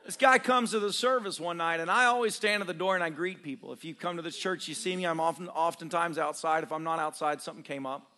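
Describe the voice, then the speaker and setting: A man's voice: on the high side, fast talker, few pauses, bright, forceful tone. A man preaching a storytelling sermon as a pastor, humorous and self-deprecating, laughing often as he talks straight to his congregation. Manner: conversational, addresses congregation directly.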